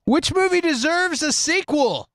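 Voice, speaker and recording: A man's voice: very high-pitched, lively intonation, measured pace, a bit bright, no room sound. A man hosting a casual comedy chat, joking and laughing often as he asks the questions. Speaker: podcast host asking the questions.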